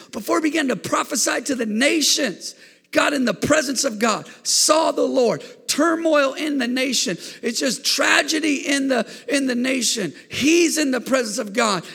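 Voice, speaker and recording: Man, pastor, fervent sermon, bright gravelly high voice, long church reverb. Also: moderate pace. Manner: fervent preaching that swells into shouts, calls for congregation responses. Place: church sanctuary.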